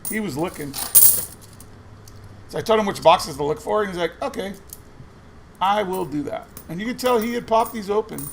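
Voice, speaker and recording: A coin roll hunting vlogger, his voice high-pitched and animated, pauses often while speaking at a normal speed. He's sifting through coin rolls and spinning a rambling, casual story, quoting others' lines as he goes. A little background noise is audible.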